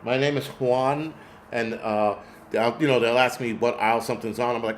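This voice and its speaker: Male livestream host, mid-pitched, rambling profane storyteller, faint background noise. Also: steady tone, moderate pace. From United States. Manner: rambling, profane storytelling, answers chat comments. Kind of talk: casual livestream chat.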